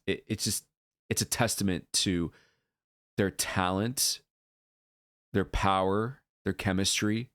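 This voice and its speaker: A man reacting to a dance video on his channel, gushing with excited whoops and earnest talk full of ums and uhs. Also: low-pitched, no echo, studio quality. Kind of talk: casual reaction vlog.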